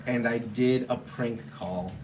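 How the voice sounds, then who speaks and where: A man's voice: mid-range voice, takes it slowly, heavy background noise. A man from Romania, a comedian, telling a story in a casual interview, laughing often. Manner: laughing storyteller, self-deprecating. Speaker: comedian guest.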